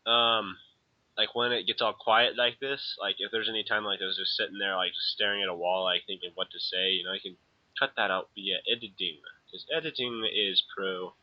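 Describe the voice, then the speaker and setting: A man's voice: fairly low pitch, steady tone, a little fast, muffled recording. A young man co-hosting a casual podcast over an online call, talking in a jokey, rambling way with lots of fillers. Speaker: podcast co-host. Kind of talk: casual chat. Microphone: computer mic on an online call.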